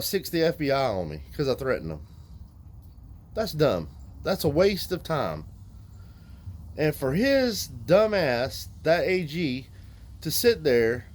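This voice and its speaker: A man's voice: high-pitched, low-quality recording. A man, speaking bluntly and profanely as he rants straight at his viewers. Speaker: vlogger. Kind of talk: casual ranting monologue to viewers.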